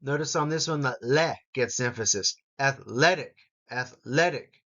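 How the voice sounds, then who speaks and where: A man teaching English vocabulary, repeating each word slowly and stressing its syllables for learners to copy. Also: mid-range voice, fairly bright tone, lo-fi sound. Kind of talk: slow, deliberate pronunciation lesson.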